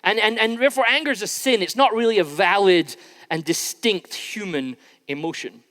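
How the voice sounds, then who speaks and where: Man, pastor, relaxed conversational sermon delivery, high voice, long church-hall reverb. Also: normal speed. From Scotland. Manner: conversational, informal preaching with frequent restarts. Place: church sanctuary.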